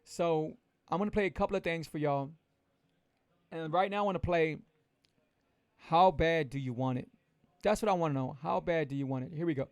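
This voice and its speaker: A man's voice: on the high side, normal speed, pauses often, smooth, no room sound. A man coaching his viewers on a keto lifestyle in a casual livestream pep talk, motivational and repetitive.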